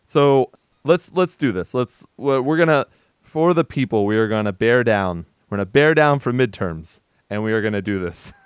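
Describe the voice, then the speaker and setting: A man's voice: medium pitch, expressive, moderate pace, clear, resonant tone, no echo, clean studio sound. A young man co-hosting a casual movie podcast, blunt, sarcastic and profane. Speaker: podcast co-host.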